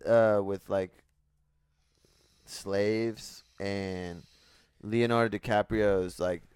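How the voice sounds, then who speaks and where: A man's voice: lowish voice, fairly even intonation, extremely slow, a little mellow, clear, resonant tone, no echo. A young man co-hosting a podcast, chatting casually in a rambling, jokey way with plenty of swearing. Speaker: podcast co-host. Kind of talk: casual chat.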